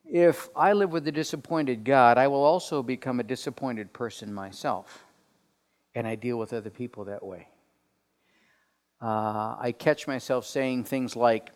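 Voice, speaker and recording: A man delivering a sermon as pastor, telling stories with lively put-on voices and dropping to quiet asides. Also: mid-range voice, a little slow, clear, resonant tone. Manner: animated storytelling, drops to quiet asides. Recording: long reverb of a large hall.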